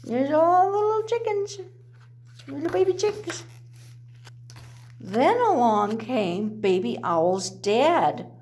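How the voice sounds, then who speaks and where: A woman reading a children's picture book aloud, unhurried and sing-song, with her voice sitting slightly high. She breaks off now and then for chatty asides about the pictures. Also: lively intonation, darkish tone, a little hiss or hum. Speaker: storyteller.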